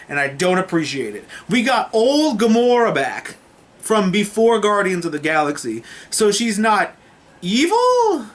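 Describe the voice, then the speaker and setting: An excitable male movie reviewer recapping a film in a slightly high voice. He rambles and swears freely, talking to the camera like he is chatting with friends.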